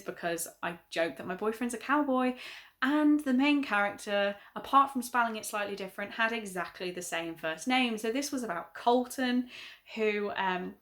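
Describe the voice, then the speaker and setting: A woman's voice: fairly high pitch, fairly bright tone. A young woman, chatting through her monthly reading wrap-up in a gushing, self-correcting way. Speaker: book vlogger.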